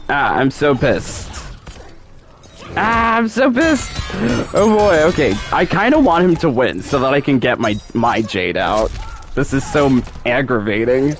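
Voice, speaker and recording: A man's voice: mid-range voice, big pitch swings, normal speed, soft background music. A man streaming live gameplay commentary, exasperated and repeating himself as he talks to himself and his chat. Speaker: gaming streamer.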